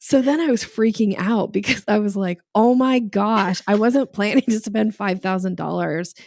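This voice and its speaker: A woman's voice: mid-range voice, moderate pace, vocal fry, no echo. A middle-aged woman, a podcast guest, tells a story in casual chat, laughing often and acting out what people said. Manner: animated storyteller, laughs often, acts out quoted dialogue.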